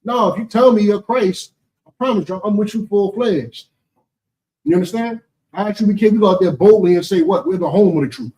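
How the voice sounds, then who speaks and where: A man with an American accent teaches and fields questions during a preaching session, emphatic and rhetorical, often asking "you understand?" His voice is high, brisk and mellow, but he's far from the mic and the recording is rough.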